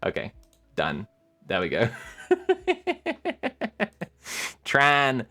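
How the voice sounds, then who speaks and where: A woman streamer chatting casually with her viewers, animated and giggly, rambling with lots of filler sounds. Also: extremely low pitch, drawn-out words. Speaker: live streamer.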